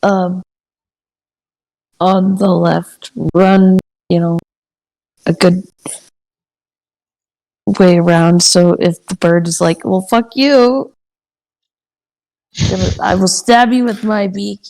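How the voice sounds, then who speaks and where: A woman's voice: lowish voice, steady tone, a little mellow, rough recording. A woman playing a tabletop role-playing game, talking through her plans in an easygoing way. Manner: easygoing, unhurried planning talk. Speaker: player. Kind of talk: casual tabletop play.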